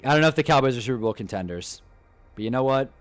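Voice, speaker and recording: A young man hosting a casual live stream, talking in an animated, swearing rant. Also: medium pitch, racing, faint music behind. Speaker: livestream host. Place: indoors at a green screen.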